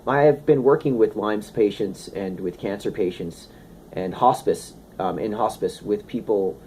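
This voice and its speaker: A man giving a casual, animated talk on health and wellness, slipping into playful asides. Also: fairly low pitch. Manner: animated, conversational, slips into playful impressions. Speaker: wellness speaker.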